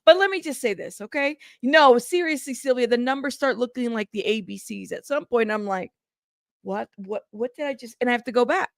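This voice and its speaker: Mulher animada e tagarela numa live, voz aguda e seca. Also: female voice, on the high side, brisk, dry recording, clean studio sound. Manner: chatty, greets chat by name, rambling restarts. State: tired and frustrated. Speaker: livestream host. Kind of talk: casual live-stream chat.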